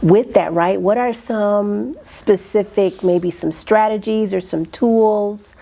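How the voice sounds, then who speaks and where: A woman counselor interviewing a client, unhurried and affirming, often murmuring agreement. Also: mid-range voice, creaky, mellow. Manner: unhurried, affirming, many "mm-hmm"s. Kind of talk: interview conversation.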